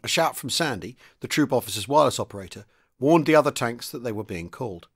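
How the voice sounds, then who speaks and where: A man's voice: mid-range voice, expressive, fast, faint music behind. A man, a podcast host, reading a chapter of a wartime novel aloud, with light voices for the characters. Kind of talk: audiobook-style reading.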